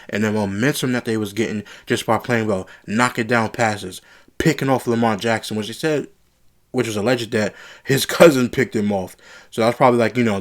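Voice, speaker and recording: A man giving a casual, frustrated sports reaction, often repeating himself as he gets worked up. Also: medium pitch. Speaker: sports commentary vlogger.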